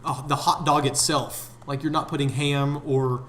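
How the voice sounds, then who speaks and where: Young male guest, slightly high voice, easygoing, faint hiss behind. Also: fairly even intonation, normal speed, a bit bright. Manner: easygoing, plays devil's advocate. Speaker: podcast guest. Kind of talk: casual chat.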